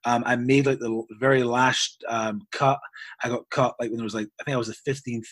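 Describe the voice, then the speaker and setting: A man's voice: mid-range voice, level tone, a little fast, fairly bright tone, no echo. A man, a basketball coach, telling a long personal story in an interview, earnest and rambling with frequent restarts. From Scotland.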